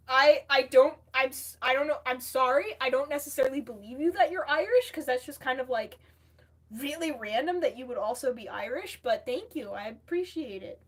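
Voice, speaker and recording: A young woman from the United States hosts a casual livestream with a high voice. She reads viewer comments aloud and answers each one in a chatty way. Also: lively intonation, normal speed. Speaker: livestream host.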